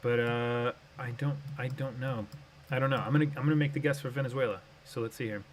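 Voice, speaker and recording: A man's voice: medium pitch, steady tone, fast talker, a little hiss or hum. Rambling man thinking aloud while streaming. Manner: rambling, thinks aloud with many fillers and restarts. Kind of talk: casual live-stream commentary.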